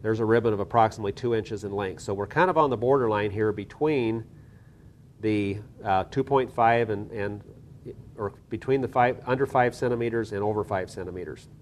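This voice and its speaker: A man with a fairly low voice teaches a hands-on lab demonstration. He works through each step methodically, pausing and restarting now and then. A faint low rumble sits under the recording. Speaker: soil science instructor.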